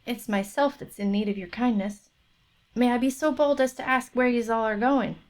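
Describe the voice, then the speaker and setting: A woman's voice: a little high, normal speed, darkish tone, voice pushed up, close to an everyday voice. A woman voicing a humble, half-starved tomcat in a read-aloud folk tale.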